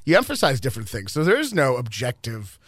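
A man's voice: mid-range voice, wildly swooping pitch, fast talker, fairly bright tone, dry recording. A young man from Louisville, a comedian guest, chatting casually in a radio interview and rambling through stories with fillers and laughs. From Louisville, Kentucky.

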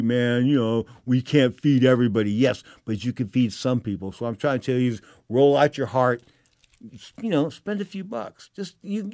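A middle-aged man from San Francisco hosting a talk radio show, telling stories in an emotional, animated way with repeated phrases. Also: a little high, no echo, studio quality. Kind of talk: storytelling talk radio monologue.

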